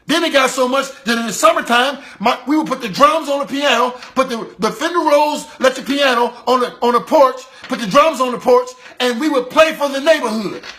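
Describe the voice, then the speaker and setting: A man preaching a sermon, impassioned, rhythmic and repetitive, swinging between loud calls and low intense passages.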